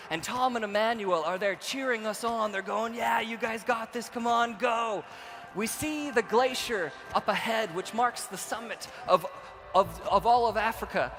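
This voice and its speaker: High-voiced man telling a story on stage. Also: slight background noise. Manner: builds from quiet storytelling to shouted excitement. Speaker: keynote speaker. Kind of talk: storytelling speech to a conference audience. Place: large convention hall. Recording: reverberant hall with faint ambience.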